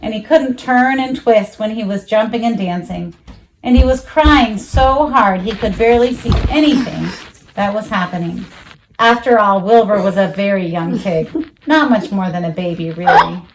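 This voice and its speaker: A woman reading a children's storybook aloud, expressive, jumping high for the animal voices. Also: normal speed, background noise. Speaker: children's book reader.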